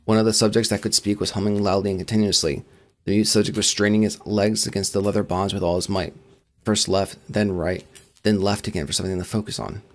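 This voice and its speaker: A man reading a creepypasta aloud as a channel host, in a steady storytelling manner. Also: fairly low pitch, fast.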